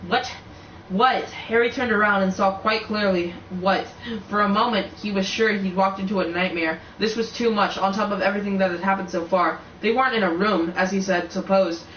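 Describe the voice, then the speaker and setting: A man's voice: sits high, fairly even intonation, a little fast, a bit bright, slight background noise. A man reading a storybook aloud, often stumbling and restarting words. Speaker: reader. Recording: echoey, distant, muffled home recording.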